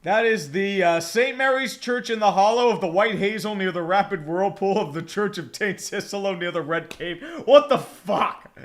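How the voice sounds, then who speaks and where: A man calling a football game play-by-play on a live fan stream, excitable and profane, chatting with his viewers between plays. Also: sits high, normal speed, few pauses. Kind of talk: live watch-along commentary.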